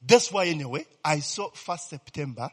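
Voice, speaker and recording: A man preaching with a lively, swinging delivery, his voice sitting a bit higher than most and carrying a husky edge. He keeps asking his listeners whether they follow. The sound rings out with a long hall reverb. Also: moderate pace. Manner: animated, repeatedly asks "you understand, eh?". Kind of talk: sermon.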